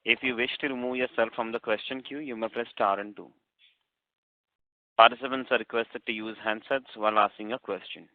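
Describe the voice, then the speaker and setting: A man's voice: medium pitch, steady tone, a little fast, no echo. A man moderating a conference call, polite and formal. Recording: tinny phone line.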